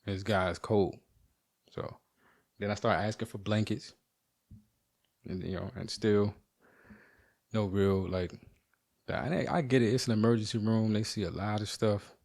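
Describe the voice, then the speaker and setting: Man, podcast host, rather low voice, animated, profane, rambling storytelling. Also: a little slow, creaky, pauses often. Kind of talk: casual storytelling monologue. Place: at home.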